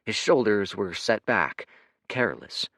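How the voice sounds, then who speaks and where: A man narrating an audiobook in an expressive, dramatic reading. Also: lowish voice, measured pace, vocal fry, dry recording, studio quality.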